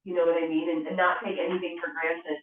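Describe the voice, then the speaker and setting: A woman's voice: fairly low pitch, level tone, fast, a little hiss or hum. A woman hosting an interview, asking sympathetic, probing questions. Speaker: host. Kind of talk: interview chat. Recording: distant, echoey, phone-like call audio.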